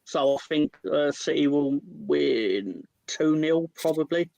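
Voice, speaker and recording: This is a man with a gravelly, slightly high voice, talking casually about football. He hesitates and uses fillers, then speaks bluntly and swears. The sound is dry and close. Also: animated, slow, darkish tone, no room sound, low-quality recording. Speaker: co-host pundit. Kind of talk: casual chat among football fans.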